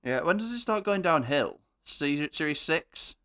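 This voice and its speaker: A man's voice: a little high, animated, measured pace, sharp tone. A man hosting a casual comedy podcast, joking, swearing and laughing as he talks. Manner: jokey, sweary, laughs often. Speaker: podcast host.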